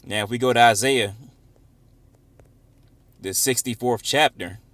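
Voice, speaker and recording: A man leading an informal Bible study, reading verses slowly and with emphasis, then explaining them in casual, conversational talk. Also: medium pitch, fairly bright tone, no room sound. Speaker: Bible teacher.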